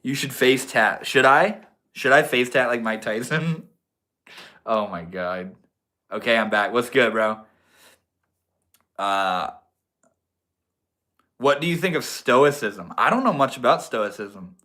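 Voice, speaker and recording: Bright-voiced young livestream host. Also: male voice, medium pitch, slow, long pauses. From Maine. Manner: slangy, laid-back, chats with and answers viewers. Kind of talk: casual livestream chat.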